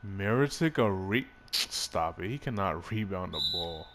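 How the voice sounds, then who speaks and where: Male gaming creator, low voice, loose excitable play-by-play with swearing. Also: a little slow, a little hiss or hum. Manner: excitable, swears, laughs at himself. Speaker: gaming YouTuber. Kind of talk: casual gameplay commentary.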